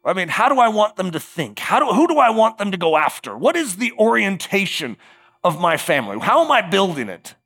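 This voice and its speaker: A man preaching a sermon, emphatic and conversational, slowing down for dramatic words and dropping quiet at times. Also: high-pitched, dry recording. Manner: animated, emphatic, with dramatic slowdowns and quiet drops; conversational fillers like "like" and "uh".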